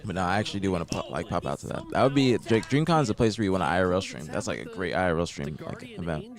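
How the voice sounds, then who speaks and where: Low-voiced man in laid-back slangy chat. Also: animated, very fast. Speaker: co-host. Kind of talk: casual chat.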